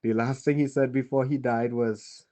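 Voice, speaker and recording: A man with a Trinidadian accent playing a weary male survivor who tells a child about the war in a grave, halting monologue. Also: mid-range voice, fairly even intonation, dark tone, close to an everyday voice. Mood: somber. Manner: halting, grave, pauses and restarts. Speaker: storyteller. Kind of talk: dramatic monologue.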